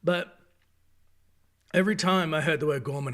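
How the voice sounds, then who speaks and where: An Australian man giving a casual, opinionated review, talking in an animated, digressive way. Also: a little high, moderate pace. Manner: animated, digressive, acts out quoted voices. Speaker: video reviewer.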